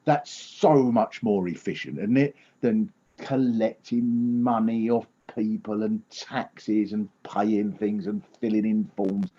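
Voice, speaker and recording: A man's voice: fairly low pitch, slow, few pauses, warm tone, highs cut off. A man riffing through a sardonic comic monologue on a video call. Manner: sardonic, riffing, mock-serious. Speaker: comedian guest.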